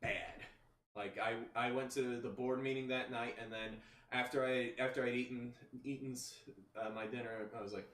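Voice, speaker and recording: A man's voice: mid-range voice, flat delivery, normal speed, a bit bright. A man chatting casually as a podcast host, telling a rambling story full of restarts and "you know". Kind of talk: casual chat. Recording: roomy, distant mic, faint background noise.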